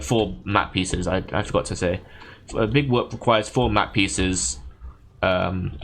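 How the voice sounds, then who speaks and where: A man's voice: deep voice, fairly bright tone, slight background noise. A man streaming a game, chatting casually and retelling a story in a rambling, self-correcting way. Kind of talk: casual chat while gaming.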